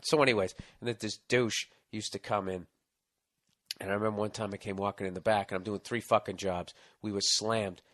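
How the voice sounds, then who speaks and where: A man's voice: on the low side, fairly bright tone. A middle-aged man with a Boston accent, hosting an advice podcast and reading out listener mail in a profane, ranting storytelling manner.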